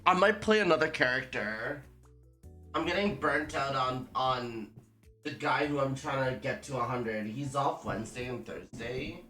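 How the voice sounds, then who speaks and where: A woman game streamer talks casually to her viewers, often giggling and exclaiming. Her pitch swings widely while her pace stays unhurried, and soft music plays in the background. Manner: giggly, animated, talks to chat. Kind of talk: casual livestream chat.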